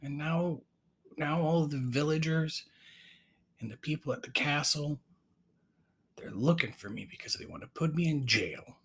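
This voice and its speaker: A man voicing a timid young male ogre who stammers in a breathy half-whisper. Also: fairly high pitch, moderate pace, long pauses, fairly bright tone, voice pushed up. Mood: tearful.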